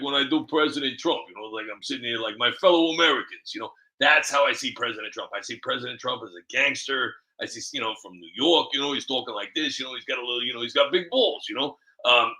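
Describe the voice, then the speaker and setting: Creaky, bright-voiced man rambling. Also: mid-range voice. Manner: rambling, many restarts and fillers, laughs at himself. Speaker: video creator. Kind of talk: casual rambling monologue.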